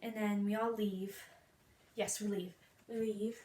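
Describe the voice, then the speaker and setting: A young woman retelling a musical in a fast, playful, slangy way, acting out the quotes, recorded in a room with faint noise. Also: mid-range voice, little pitch movement, dark tone, echoey room. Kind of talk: hyper comic retelling.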